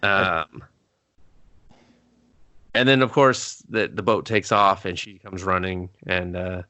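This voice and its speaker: A man co-hosting a casual movie review podcast, talking in an animated way, swearing freely and laughing often. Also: low-pitched, takes it slowly, no echo. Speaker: podcast co-host.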